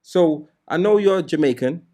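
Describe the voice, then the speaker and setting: A male podcast host whose voice sits a little higher than most men's. He chats loosely, laughing and exclaiming as he tells stories about his early mixes. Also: normal speed. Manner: relaxed, chatty, laughs and exclaims while telling stories. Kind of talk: casual podcast chat.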